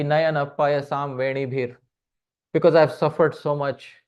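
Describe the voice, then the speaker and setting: A man giving a devotional lecture on poetry who keeps addressing his listeners as dear devotees, asks them questions and chants verses slowly before translating them. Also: on the high side, flat delivery, a little mellow, clean tone. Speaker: speaker giving a scripture class. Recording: slightly muffled recording.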